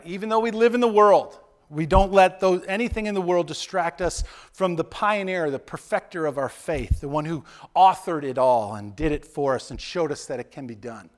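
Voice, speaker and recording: A male pastor preaching in a conversational way, often checking in with "right?" and playfully acting out quotes. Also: sits high. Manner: conversational, keeps asking "right?", acts out quotes with playful voices. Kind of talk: sermon.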